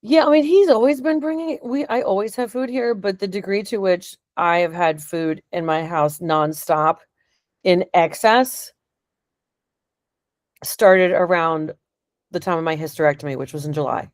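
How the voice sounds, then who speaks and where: A woman's voice: fairly low pitch, moderate pace, no echo, studio quality. A middle-aged woman chatting casually during a reading, rambling and emotional, often laughing as she talks. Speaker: client getting a reading. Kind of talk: casual conversation.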